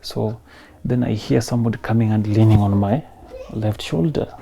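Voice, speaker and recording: A man in his thirties with a Kenyan accent, telling his personal story in an emotional, soft-spoken way and mixing in Swahili phrases. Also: on the low side, moderate pace, gravelly. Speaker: interview guest.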